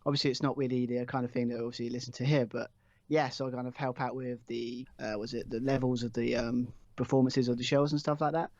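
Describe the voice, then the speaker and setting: A man's voice: mid-range voice, little pitch movement, fast talker, darkish tone, no echo. Man, chatty guest, rambling delivery, dry lo-fi sound. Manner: rambling, lots of fillers and restarts. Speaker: podcast guest. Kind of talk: casual chat.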